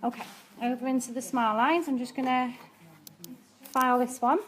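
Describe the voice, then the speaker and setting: A woman's voice: high voice, steady tone, moderate pace, fairly bright tone. A woman nail technician and educator giving a chatty, practical live-streamed nail art demonstration, with frequent ums as she works.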